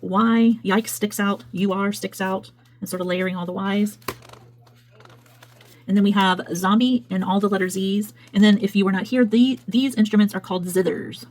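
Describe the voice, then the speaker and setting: A woman's voice: medium pitch, fairly even intonation, normal speed, darkish tone, low-quality recording. A woman, chatting casually as a craft video host while flipping through her work and often correcting herself. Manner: chatty, meandering, self-correcting. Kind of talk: casual flip-through chat.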